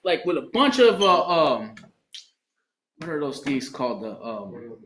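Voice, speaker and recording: Sing-song and a bit bright, his fairly high voice moves a little slowly as he gives a frank share at a recovery meeting, laughing and swearing. The recording picks up an echoey meeting room and faint background noise.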